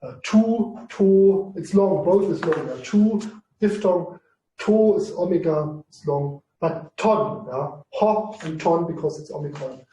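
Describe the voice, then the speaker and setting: Halting male lecturer in a roomy space. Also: fairly high pitch, mellow. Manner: halting, repeats words while explaining. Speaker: Greek lecturer. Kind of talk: university class discussion. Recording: roomy, distant mic.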